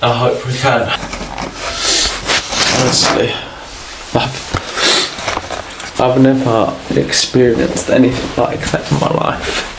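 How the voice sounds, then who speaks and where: A man hunting ghosts at night in a haunted house, slowly asking the spirits questions and swearing in awe. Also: mid-range voice, little pitch movement, heavy background noise. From United Kingdom. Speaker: paranormal investigator. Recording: echoey room, mic at a distance.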